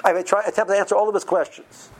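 A man teaching yeshiva students in an informal, animated Torah lecture, often stumbling and restarting his words. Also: high-pitched, fast talker, rough recording. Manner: animated, stammering restarts, uses Yiddish and Hebrew study terms.

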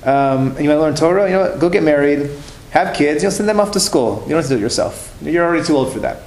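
A man's voice: a little high, lively intonation, fast talker, darkish tone. A man voicing a wealthy older father who asks questions in disbelief, in a story told to a class. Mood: incredulous. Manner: incredulous questioning. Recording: roomy room with faint noise.

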